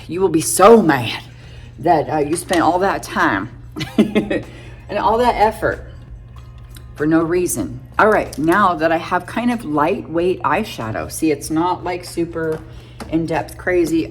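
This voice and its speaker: A woman in her fifties with a notably low voice chats her way through a makeup tutorial, narrating every step as she goes. She is casual and a bit self-deprecating, and soft music plays faintly behind her. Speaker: beauty vlogger.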